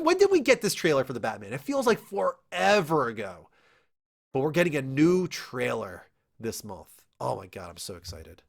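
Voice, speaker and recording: A young man hosting a casual entertainment news show, talking in an excitable, animated way with quick asides. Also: a little high. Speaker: show host.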